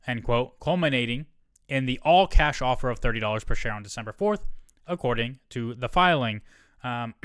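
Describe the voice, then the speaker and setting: Here a man hosting a solo podcast works through a news article, adding casual comments and fixing slips as he goes. He speaks at a middle pitch in a smooth, resonant, slightly bright voice, captured dry and close without any reverb.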